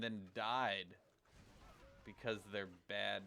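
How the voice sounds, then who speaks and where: A man chatting casually as a game streamer on a livestream, rambling and thinking out loud. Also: mid-range voice, measured pace, smooth. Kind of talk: casual livestream chat while gaming.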